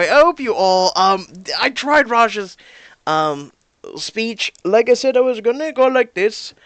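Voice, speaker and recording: Young guy gaming channel host, swings his pitch all over, chatty, dry close sound. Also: smooth, no echo. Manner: animated, laughing, chatty with fillers. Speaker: YouTuber playing a story game. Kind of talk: let's-play reading and commentary.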